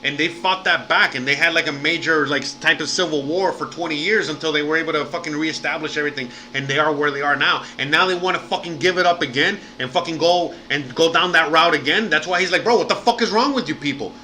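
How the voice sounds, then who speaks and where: A man's voice: a little high, steady tone, fast, hardly any pauses, pushed and bright, slight background noise, low-quality recording. A man hosting a livestream, rambling and swearing freely with lots of fillers in casual chat. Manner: rambling and profane, heavy fillers. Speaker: livestream host.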